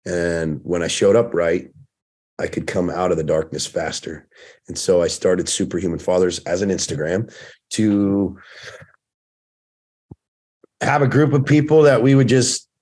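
A man's voice: low voice, fairly even intonation, a little slow, pauses often, darkish tone, breathy edge. A man in his thirties, a podcast guest, candidly telling his story in casual conversation and swearing freely. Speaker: podcast guest, firefighter turned coach.

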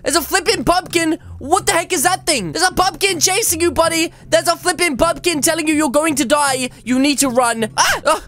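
A woman giving excitable, goofy gameplay commentary as a video creator, mock-bragging and letting out frequent yelps. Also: very high-pitched, normal speed, hardly any pauses. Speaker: gaming YouTuber.

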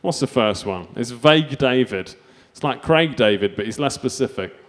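A man's voice: mid-range voice, animated, moderate pace, a little hiss or hum. A man doing a stand-up set, delivering self-mocking absurd one-liners. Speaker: stand-up comedian.

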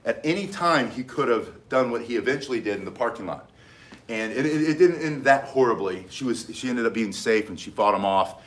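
A middle-aged man teaching self-defense in a loose, casual way. He speaks at an ordinary pitch, stresses his main points emphatically, repeats them and often starts a sentence over. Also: animated, a little fast, fairly bright tone. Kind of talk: casual instructional talk.

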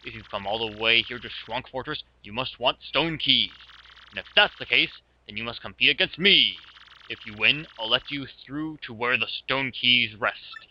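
A man's voice: medium pitch, normal speed, dull audio, a little hiss or hum, close to an everyday voice. A man voicing a gloating, villainous male quiz-master guarding a fortress, in hammy game-show patter.

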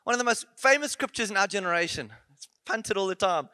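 A man with a high voice preaches a conference sermon in a church, speaking fast in a dry recording. He's animated and playful, packing in rhetorical questions and asides.

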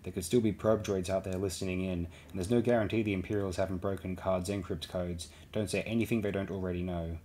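A gruff, cautious general gives firm warnings in a low voice, read by a man narrating. He sounds wary and matter-of-fact. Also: fairly even intonation, quick pace, few pauses, dark tone, a little hiss or hum, close to an everyday voice.

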